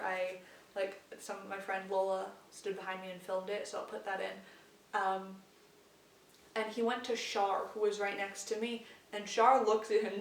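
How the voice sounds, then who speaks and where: A woman's voice: mid-range voice, a little hiss or hum. Young woman vlogger, chatty and gushing, sits a bit back from the mic in a roomy space. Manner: excited, gushing, full of "like" fillers. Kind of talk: casual storytelling vlog. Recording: roomy sound from a distance.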